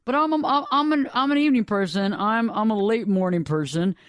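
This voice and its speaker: A man hosting a radio show, telling a story in a rambling, animated, dramatic way. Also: high voice, a little fast, smooth, no room sound. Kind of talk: casual storytelling chat. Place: radio studio.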